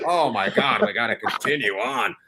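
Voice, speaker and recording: A man's voice: mid-range voice, normal speed, gravelly, slight background noise. A man hosting a casual comedy chat over a video call, teasing his guests. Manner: teasing and animated. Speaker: host.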